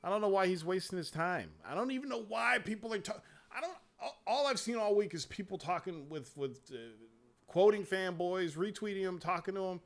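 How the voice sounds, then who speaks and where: A man hosting a casual gaming chat show, talking in a profane, animated way and laughing often. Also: sits high, fairly quick. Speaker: show host.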